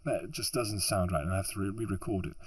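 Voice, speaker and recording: A deep-voiced, fast-talking man with a slightly rough tone records at home on a laptop mic behind a makeshift pop filter, with no room sound. A hobbyist audiobook narrator with a sore throat, hot and sweaty, he goes on a frustrated off-script rant full of restarts and sighs.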